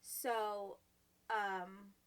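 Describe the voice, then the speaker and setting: A woman's voice: mid-range voice, extremely slow, clean tone. A woman in her thirties co-hosting a podcast, telling stories in casual chat and laughing often. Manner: laughs often, animated storytelling. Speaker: podcast co-host.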